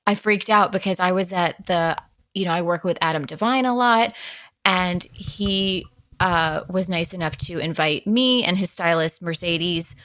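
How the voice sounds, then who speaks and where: A woman hosting a casual podcast, telling animated stories and acting out quotes, talking like a makeup artist chatting with a friend. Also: fairly low pitch, measured pace, no room sound. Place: Los Angeles.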